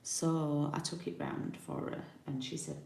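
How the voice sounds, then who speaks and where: Card-making demonstrator from the UK: a low, gravelly woman who chats and thinks aloud in a roomy room. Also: fairly even intonation, unhurried, dark tone, a little hiss or hum. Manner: chatty, thinks aloud while working. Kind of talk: live craft tutorial. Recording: roomy home recording.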